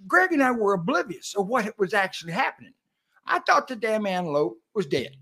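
An older man with a husky, high-pitched voice that swings widely as he jumps into a friend's story. He talks in a folksy rural way, cursing freely and laughing. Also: very animated, fairly quick, bright, forceful tone. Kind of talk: casual storytelling chat.

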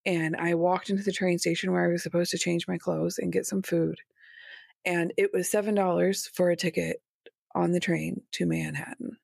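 A woman's voice: fairly low pitch, little pitch movement, moderate pace, creaky, darkish tone, slightly rough, dry recording, clean studio sound. A woman speaking as a guest on an interview podcast, recounting her experiences in a frank, conversational way. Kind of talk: interview storytelling.

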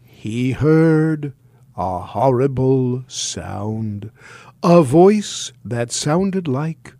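A man narrates a children's story at an unhurried pace, his gravelly voice rising and falling with expression. The recording sounds dry and close, with little room sound. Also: mid-range voice, animated, warm tone, no room sound. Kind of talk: read-aloud storybook narration.

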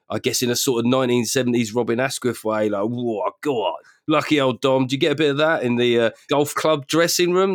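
A man hosting a comedy podcast, riffing and teasing with a quick joking manner. His voice sits at an ordinary pitch for a man, and the sound is dry and close with no room around it. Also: no room sound. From South London. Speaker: podcast host. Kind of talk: casual comedy chat.

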